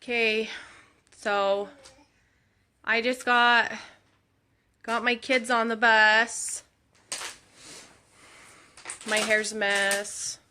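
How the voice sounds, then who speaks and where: A woman's voice: on the high side, level tone, very slow, pauses often, sharp tone, clean tone. A woman, a mother of school-age kids, chatting in a rambling way to her followers and laughing now and then as she tells a story. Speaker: vlogger updating followers on her husband. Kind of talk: casual storytelling vlog.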